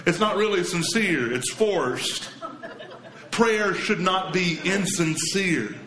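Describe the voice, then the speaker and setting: A man preaching a sermon as a pastor, his voice set a little high for a man. He speaks with earnest emphasis and turns quiet and low for the scripture lines. The sound carries a roomy echo around him. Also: slow pace.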